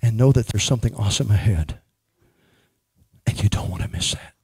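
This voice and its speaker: A man's voice: lowish voice, brisk, darkish tone, slightly rough, dry recording. A man ministering as a prophet, speaking emphatically and praying over a woman in church. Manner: emphatic, prays over a person.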